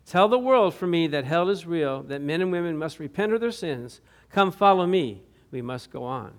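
A man voicing Jesus as a grave, sorrowful judge, measured and hushed, in a higher-pitched voice. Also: expressive. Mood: solemn.

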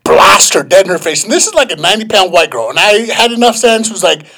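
A man with a high, gravelly voice that turns husky at the edges. He tells a story in casual chat, profane and animated throughout. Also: fast.

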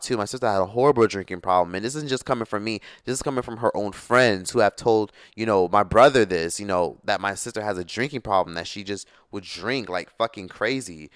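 A young man in his twenties speaks straight into the mic in a casual storytime vlog. His voice sits low, smooth and resonant, and he talks bluntly, swearing freely. The sound is close and dry. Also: no room sound. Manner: blunt, profane, animated storytelling. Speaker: YouTuber.

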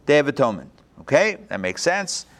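Guy teaching a live online class, chatty and lively, restarts a lot, computer mic sound. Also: on the high side, fairly quick.

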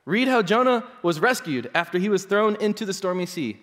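A man's voice: sits high, sing-song, a little fast, a bit bright. A man preaching a sermon in a casual, playful way, often checking in with "okay?" and "right?". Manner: conversational, playful, many "like"s and "okay?". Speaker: pastor. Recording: long hall reverb.

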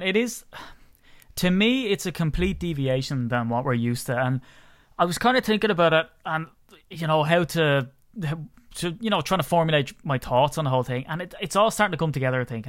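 An Irish man co-hosting a sports podcast, teasing and animated in casual chat. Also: medium pitch. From Ireland. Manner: teasing, animated, quick to laugh. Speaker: podcast co-host.

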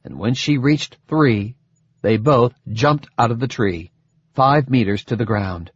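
A man narrating an audiobook in a measured storytelling manner. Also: medium pitch, a little mellow, breathy edge, dry recording. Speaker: audiobook reader. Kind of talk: scripted narration. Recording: dull dry lo-fi recording.

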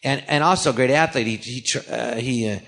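A man's voice: mid-range voice, vocal fry. An older man from California tells stories as a guest on a casual interview. He acts out his anecdotes with energy, stumbling and restarting as he goes. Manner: animated storyteller, acts out anecdotes, halting restarts. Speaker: comedian guest.

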